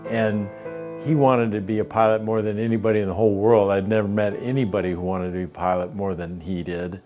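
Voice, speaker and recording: A man's voice: lowish voice, level tone, a little fast, muffled recording. A man and former Air Force pilot recalling an old friend in a wry, reflective way. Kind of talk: interview recollection. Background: guitar music.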